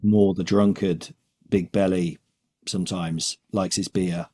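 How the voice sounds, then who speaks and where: A man's voice: low voice, steady tone, slow, warm tone. A man co-hosting a podcast, chatting casually and laughing often as he talks. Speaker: podcast co-host. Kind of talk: casual comedic chat.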